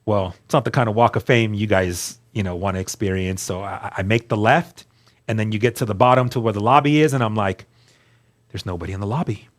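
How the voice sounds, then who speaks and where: A man's voice: on the low side, a little fast. Earnest man telling his testimony. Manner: earnest storytelling, acts out quoted dialogue. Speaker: guest sharing testimony. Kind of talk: personal testimony interview.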